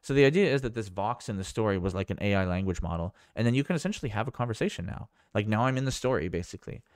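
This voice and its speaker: A man's voice: fairly low pitch, lively intonation, rapid-fire, darkish tone, clean tone, dry recording, clean studio sound. A man vlogging a casual screen demo, rambling and thinking aloud with amazement. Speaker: tech vlogger.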